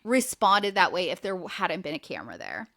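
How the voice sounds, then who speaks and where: A woman podcast host with a fairly low, fairly bright voice swings hugely in pitch as she recaps a reality show at a moderate pace. It's a casual, chatty recap packed with fillers and the odd freely used swear word.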